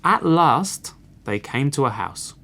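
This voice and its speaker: A man reading a fairy tale aloud for children in a clear, expressive way. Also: mid-range voice, slow pace, slight background noise. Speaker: storyteller.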